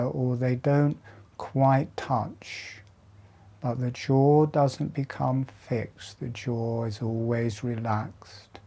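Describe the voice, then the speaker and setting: A man slowly guiding a breathing meditation with soft, calm instructions and long pauses. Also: medium pitch. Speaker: breathwork teacher. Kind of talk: guided meditation.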